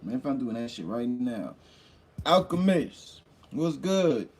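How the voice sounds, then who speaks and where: A man hosting a loose, casual livestream at an everyday middle pitch. He calls out loud hype greetings to viewers by name, then drifts into rambling, mumbled asides while he looks through his phone. He sounds a touch hungover. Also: very animated, slow pace, breathy edge. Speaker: livestream host.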